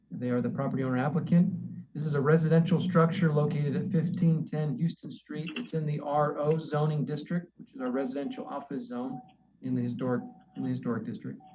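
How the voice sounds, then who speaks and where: A polite man from city staff walks a board through meeting procedure, often restarting his sentences. His voice comes through dull, lo-fi meeting audio with a faint hiss underneath. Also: mid-range voice. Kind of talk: virtual public meeting presentation.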